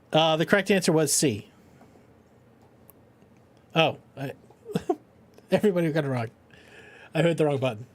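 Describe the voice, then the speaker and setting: His voice high-pitched and animated, a middle-aged man streams a game for charity at an unhurried pace with long pauses. The casual chat wanders, packed with jokes, swearing, and regular laughter.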